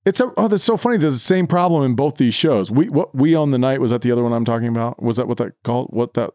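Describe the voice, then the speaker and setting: A man's voice: mid-range voice, fast talker, a little mellow, dry recording, clean studio sound. A man co-hosting a podcast in a casual chat, talking loosely, restarting sentences and laughing often. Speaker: podcast co-host.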